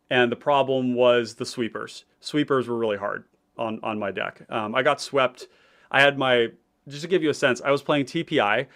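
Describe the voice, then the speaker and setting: A deck-building host with an ordinary mid-pitched voice chats on a livestream, rambling with lots of ums and restarts. He reads viewer comments aloud and plays through his deck in a relaxed, conversational manner.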